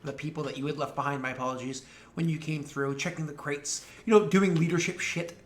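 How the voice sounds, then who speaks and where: A man's voice: fairly high pitch, steady tone, brisk. A man in his thirties from New England, narrating as game master in a loose, rambling way full of fillers.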